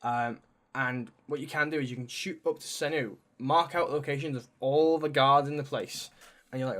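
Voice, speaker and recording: A man's voice: medium pitch, fairly even intonation, moderate pace, a bit bright. A young man co-hosting a podcast, chatting casually about video games in a rambling way with casual swearing. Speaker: podcast co-host.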